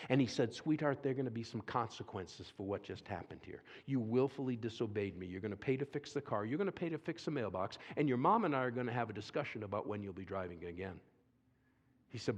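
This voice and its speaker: Animated man preaching to a church audience. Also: medium pitch, fairly quick, muffled recording. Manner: animated, calls for audience response, acts out quotes. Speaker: speaker at a church seminar. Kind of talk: lively sermon storytelling with audience questions. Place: church sanctuary.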